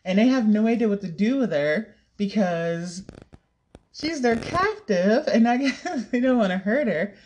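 A woman's voice: medium pitch, expressive, a little slow, darkish tone, a little hiss or hum. A young woman chatting casually to camera, rambling, giggling and swearing now and then. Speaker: vlogger. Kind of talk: casual chat.

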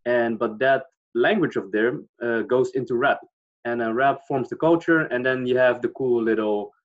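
A man's voice: mid-range voice, moderate pace. A man with a Dutch accent chatting casually, hesitant and searching for words with many fillers. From Netherlands. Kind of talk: casual chat. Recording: dull lo-fi sound.

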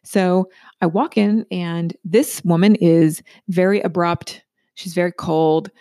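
A middle-aged woman talks through a personal story in a loose, chatty way, tossing in "right?" again and again. Her voice has a gravelly, fry-laden edge. The recording is dry and close, with no room sound. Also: on the low side, fairly even intonation, slow pace, mellow, no echo. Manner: chatty, asks "right?" often.

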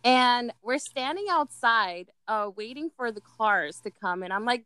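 A young woman telling a story in casual chat, animated, swearing and mocking herself. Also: mid-range voice, moderate pace, clear, resonant tone, dry recording, low-quality recording.

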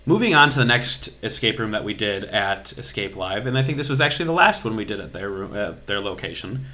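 A man's voice: fairly low pitch, animated, fairly quick, bright, forceful tone. A young man co-hosting a casual podcast, chatty and explaining things at length with small restarts. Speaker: podcast co-host.

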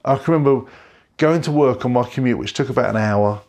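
A middle-aged man, a pastor, giving an earnest, heartfelt sermon from a bedroom at home, slowing down on key phrases. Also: mid-range voice, a little mellow. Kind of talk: recorded sermon.

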